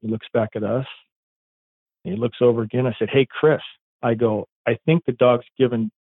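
A police dog handler telling a story in a rambling, casual way, acting out quoted dialogue. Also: male voice, mid-range voice, steady tone, normal speed, breathy edge, dry recording. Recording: tinny phone-like line, dry.

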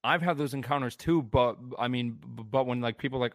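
A man talking casually as a co-host, rambling and restarting his thoughts as he goes. His voice sits at an ordinary middle pitch. The sound is dry and close, with no room around it. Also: fast, hardly any pauses, fairly bright tone, dry recording. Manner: rambling, many restarts and fillers. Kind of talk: casual chat.

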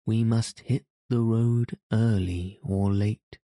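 A man's voice: on the low side, fairly even intonation, slow, mellow, no room sound, studio quality. A man reading a bold, teasing teenage outlaw boy. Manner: jesting, archaic speech. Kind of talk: audiobook character reading.

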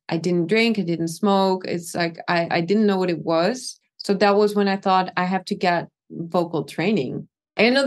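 Dutch woman singer chatting loosely. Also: lowish voice. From Netherlands. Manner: rambling, many fillers and restarts. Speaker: singer guest. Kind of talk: casual interview chat.

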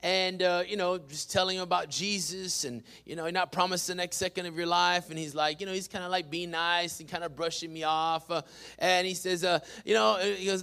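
A man pastor delivering a sermon, dropping "amen" between phrases and swinging from loud emphatic bursts to hushed asides. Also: high-pitched, steady tone, a little fast, vocal fry, clean tone.

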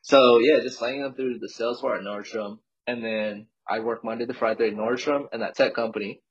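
A man's voice: medium pitch, steady tone, fairly quick, breathy edge. A man in his thirties from California, a podcast guest telling his story in a loose, slangy way full of "like". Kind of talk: casual storytelling chat. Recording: dull lo-fi recording.

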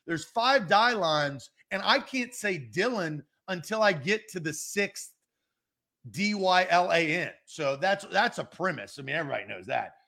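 Guy with a high bright voice, joking around on a sports podcast, talks over his cohost. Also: animated, moderate pace, creaky. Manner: playful, talks over his co-host while debating pronunciations. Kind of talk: casual sports chat.

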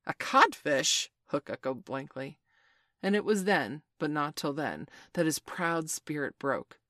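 A woman's voice: low voice, very animated, unhurried, a bit bright, no echo, clean studio sound. A woman reading a classic adventure story aloud, narrating with dramatic expression.

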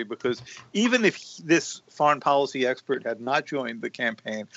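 A man's voice: fairly high pitch, fairly bright tone, a little hiss or hum. A man who is a reporter, speaking on a political panel with dry, joking asides. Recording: dull lo-fi audio.

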